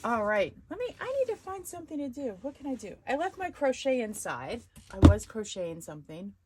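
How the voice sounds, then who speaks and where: A woman hosting a casual live stream, chatting and rambling as she thinks out loud. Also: on the high side, sing-song, fairly quick, a little hiss or hum. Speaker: live-stream host of a sewing channel.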